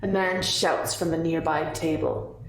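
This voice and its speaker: Slow, low-voiced woman storyteller. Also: fairly even intonation, slight background noise. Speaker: player narrating her character's backstory. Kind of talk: storytelling narration. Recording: roomy distant mic.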